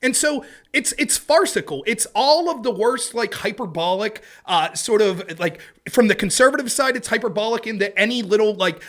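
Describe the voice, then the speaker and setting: A man talking as a guest in a casual interview, fast and energetic, full of asides. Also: high-pitched. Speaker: interview guest, debate show host.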